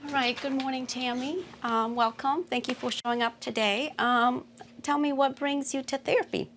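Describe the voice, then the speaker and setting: A woman therapist with a gravelly, creaky voice leads an intake session. She asks questions in a calm, patient, steady way, with a faint hiss behind her. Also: sits high, moderate pace.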